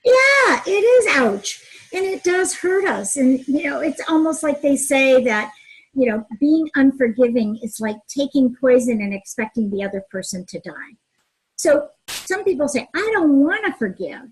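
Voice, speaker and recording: A woman's voice: sits high, moderate pace, a little hiss or hum, rough recording. A middle-aged woman, a mediator and relationship author, answering interview questions earnestly and telling personal stories. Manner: earnest, expressive storyteller who acts out dialogue.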